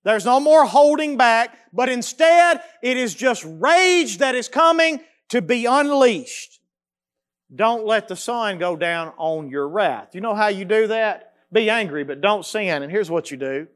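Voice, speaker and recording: A man, preaching a sermon as pastor, swinging between loud emphasis and quiet, slow repetition. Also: high voice, lively intonation, smooth.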